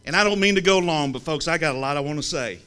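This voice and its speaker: A man from the American South, telling a humorous story to an audience in a lively, teasing way with comic pauses. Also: a little high. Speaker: speaker telling a story about a friend.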